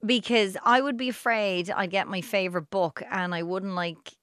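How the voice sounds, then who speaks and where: A woman's voice: mid-range voice, fairly even intonation, normal speed, a bit bright, smooth, dry recording, studio quality. Curious woman host asking questions. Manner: curious, asks short questions. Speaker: interviewer host. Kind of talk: casual interview chat.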